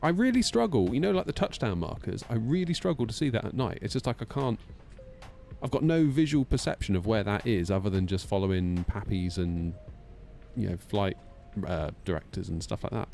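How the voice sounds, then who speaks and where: A man's voice: lowish voice, expressive, brisk, creaky, darkish tone, faint music behind. A man streaming a flight sim, chatting casually, teasing himself and answering chat aloud. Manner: chatty, self-mocking, reads chat aloud.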